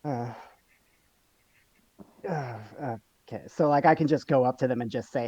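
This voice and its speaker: A man's voice: medium pitch, measured pace, long pauses, warm tone, no room sound, lo-fi sound. A man playing in an online tabletop game, hesitant and self-conscious, often restarting his sentences. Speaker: player. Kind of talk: casual tabletop game chat.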